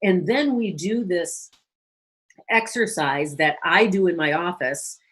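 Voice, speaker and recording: A woman counselor giving a lively teaching talk to a church audience, briefly acting out quoted phrases. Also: on the low side, takes it slowly, breathy edge. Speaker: guest speaker and counselor.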